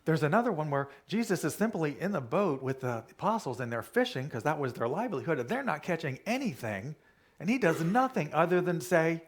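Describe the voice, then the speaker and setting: A minister giving a sermon in an easygoing, conversational way, often repeating a key phrase. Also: male voice, fairly high pitch, sing-song, fairly quick.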